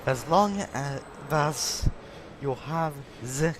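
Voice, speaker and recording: A man putting on an overdone mock Russian accent, explaining tank parts in a halting way. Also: on the high side, lively intonation, a little hiss or hum. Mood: mock-serious. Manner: overdone, halting, breaking into laughter. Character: hammy fake Russian tank expert, adult man. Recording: game sounds loud behind.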